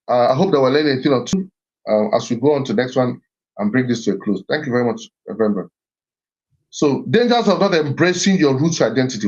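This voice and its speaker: A middle-aged man with a medium-pitched, slightly mellow voice gives a reflective, earnest talk on heritage and identity. He tends to repeat himself and begin phrases again, and the recording is slightly muffled.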